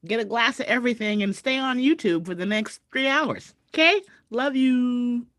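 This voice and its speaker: A woman's voice: a little high, lively intonation, brisk, fairly bright tone, no room sound, clean studio sound. A woman comedian hosting a live stream, chatting straight to viewers and greeting guests over a video call. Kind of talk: casual live-stream chat. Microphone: webcam video call.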